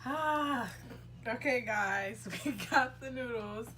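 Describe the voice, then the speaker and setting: A young woman hosts a casual eating video from home, giggly and teasing. She talks slowly in a fairly high voice. The home recording has clear background noise. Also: sharp tone. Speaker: vlogger host. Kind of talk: casual mukbang chat.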